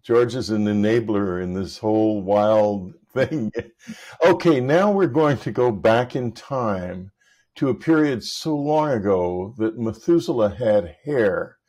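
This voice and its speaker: A man hosting an interview, leading into questions with relaxed jokes. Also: fairly low pitch, slow pace. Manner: relaxed, joking lead-ins to questions. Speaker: host.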